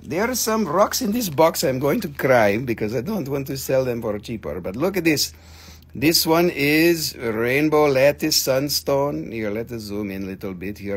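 An animated American man hosts a live rock sale with a slightly high voice. He talks casually, swears freely, and keeps the banter loose and jokey. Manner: animated, swears, slips into silly put-on voices. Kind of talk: casual live sales stream.

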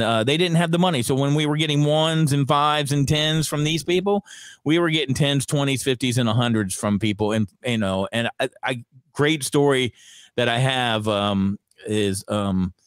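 A middle-aged radio personality telling stories in a relaxed interview, acting out the voices of people he quotes. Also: medium pitch, dry recording, clean studio sound. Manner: animated, acts out quoted dialogue. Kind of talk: conversational storytelling.

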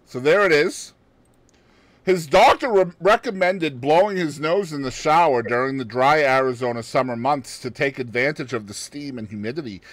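With a mid-range, fairly bright voice at a moderate pace and no echo, a male podcast co-host reads a news story. The chat is casual, full of joking asides and frequent laughter.

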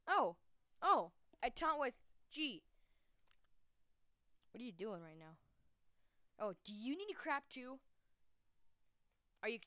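A woman giving casual, excitable commentary while she plays a video game. She is chatty, jumps from yelps to low mutters, and often talks to her viewers. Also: smooth, no room sound, clean studio sound. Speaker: gamer hosting her own channel.

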